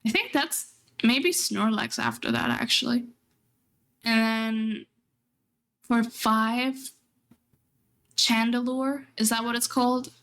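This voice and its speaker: A woman's voice: a little high, a bit bright. A young adult woman streaming, chatting casually and rambling, often laughing as she talks. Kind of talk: casual chat.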